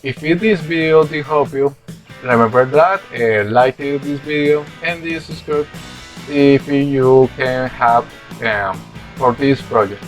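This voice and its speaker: Slow, halting man explaining code. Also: medium pitch, soft background music. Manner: halting, hesitant delivery full of fillers and restarts. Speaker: programming tutorial host. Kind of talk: screen-recorded coding walkthrough.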